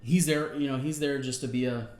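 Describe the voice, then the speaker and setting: A man talks through an old wrestling broadcast with his co-host, rambling and full of "um" and "uh". His voice sits at an ordinary middle pitch. The room around him is roomy and echoey. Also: fairly even intonation, brisk, a little mellow. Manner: rambling, filler-heavy recap with acted-out quotes. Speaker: podcast co-host. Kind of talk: casual wrestling review chat.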